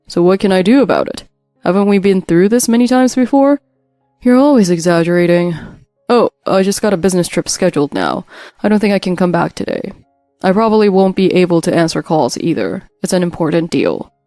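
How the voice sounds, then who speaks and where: A woman's voice: lowish voice, animated, a little fast, warm tone, no room sound, clean studio sound, soft background music. A woman voicing a callous middle-aged husband who talks in a curt, irritated, dismissive way, in a narrated story.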